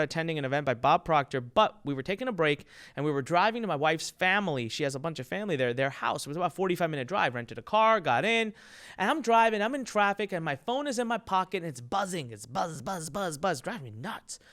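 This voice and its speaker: A man, an entrepreneur, giving an emphatic and energetic motivational talk with business advice, telling stories and acting out what people said. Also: high-pitched. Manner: emphatic and energetic, acts out quotes.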